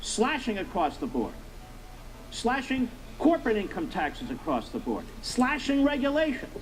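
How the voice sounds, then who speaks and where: A man's voice: high voice, huge pitch swings, moderate pace, a little hiss or hum, low-quality recording. A middle-aged man hosting a political commentary monologue, emphatic and repetitive, firing rhetorical questions at his listeners. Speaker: talk show host.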